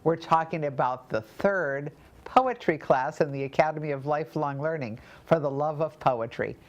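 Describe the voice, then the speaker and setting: Upbeat low-voiced woman host. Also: moderate pace. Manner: upbeat, welcoming. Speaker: TV interviewer. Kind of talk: interview, hosting.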